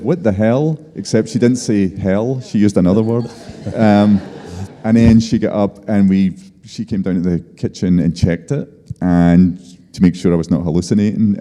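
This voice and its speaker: A man tells a story with energy, quoting people in his own retelling. His voice is low and very mellow. The sound carries a long hall reverb. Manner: lively anecdotal, acts out quotes. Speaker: Nobel laureate guest. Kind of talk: storytelling on stage. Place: lecture hall.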